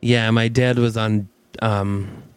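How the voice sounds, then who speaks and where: A man co-hosting a comedy podcast, improvising a story with wry, deadpan asides. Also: fairly low pitch, slow, clean tone, dry recording. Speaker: podcast co-host.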